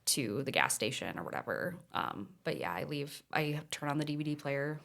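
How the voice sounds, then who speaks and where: Thirties mom, co-host, very low voice, plainspoken and easygoing. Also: female voice, big pitch swings, normal speed, gravelly, fairly bright tone. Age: 30s. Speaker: podcast co-host. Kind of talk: casual chat.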